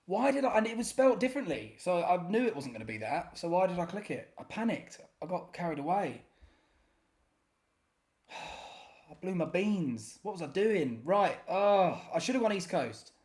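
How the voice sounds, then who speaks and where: Man, game commentary, self-deprecating, muttering, fairly high voice. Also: big pitch swings, normal speed, a little mellow. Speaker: gaming YouTuber.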